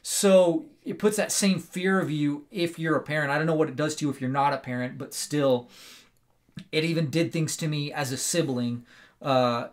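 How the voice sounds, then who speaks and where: Fairly high-voiced man, podcast co-host, excitable rambling storyteller, casual chat delivery. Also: normal speed. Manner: animated, rambling storyteller with many "like" and "right?".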